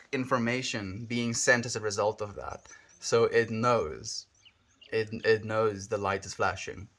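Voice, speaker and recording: A man's voice: mid-range voice, a bit bright. A man with a South African accent chatting on a livestream, musing and rambling as he thinks aloud, with hums between thoughts. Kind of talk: casual livestream chat.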